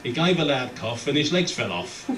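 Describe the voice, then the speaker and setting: A man's voice: mid-range voice, lively intonation. A man from London's East End, telling jokes as a stand-up comedian in short, clipped phrases on a club stage. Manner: brisk punchline delivery in short clipped phrases. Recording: roomy, distant live club recording with background noise.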